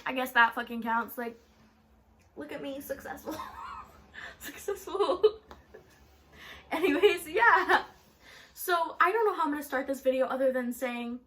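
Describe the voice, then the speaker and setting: A young woman talks straight into her phone camera in a loose storytime vlog. Her voice sits high, and she rambles, swears freely and fills every gap with "like". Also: fairly bright tone. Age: young adult. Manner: chatty, profane, rambling with frequent "like". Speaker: vlogger.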